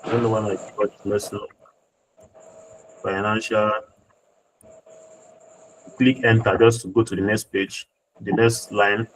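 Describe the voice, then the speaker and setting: A man's voice: fairly low pitch, little pitch movement, a little slow, pauses often, a little hiss or hum, low-quality recording. A man tutoring a graphic design class, talking through each step on screen and repeating points to check his students follow. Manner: patient, repeats himself while working on screen. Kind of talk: screen-share tutorial walkthrough.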